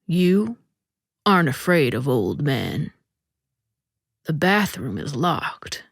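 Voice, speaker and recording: A woman hosting a podcast, reading a short story aloud in a slow, deliberate way that dips into soft whispers. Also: deep voice, big pitch swings, breathy edge, dry recording, studio quality.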